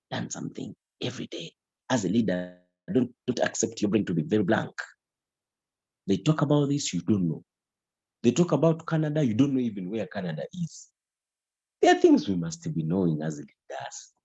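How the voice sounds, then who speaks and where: A middle-aged man delivers an emphatic, repetitive business training talk. His voice sits low and mellow, with a husky edge. The recording is dry and somewhat dull. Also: no echo. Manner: emphatic, repetitive, mixes in local language.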